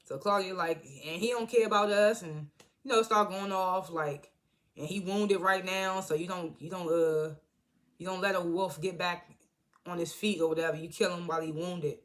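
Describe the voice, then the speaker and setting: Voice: mid-range voice, steady tone, normal speed, a bit bright. A TV reviewer giving a loose, slangy recap of an episode, acting out the characters' lines and laughing often.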